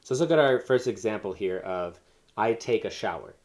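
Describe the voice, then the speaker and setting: Male teacher, lowish voice, walks learners through grammar step by step, casual and unscripted. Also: expressive, a little fast. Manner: explains step by step with fillers and self-corrections. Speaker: Spanish teacher. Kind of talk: recorded classroom lesson.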